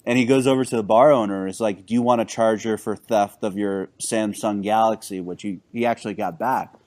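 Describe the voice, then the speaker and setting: A man co-hosting a casual podcast, telling stories in a halting, rambling way with lots of fillers and restarts. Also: on the low side, fairly even intonation, darkish tone. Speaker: podcast co-host.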